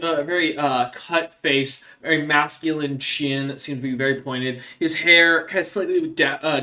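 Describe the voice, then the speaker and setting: A man narrating a tabletop game as game master, halting, with many ums and uhs. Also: medium pitch, bright, forceful tone.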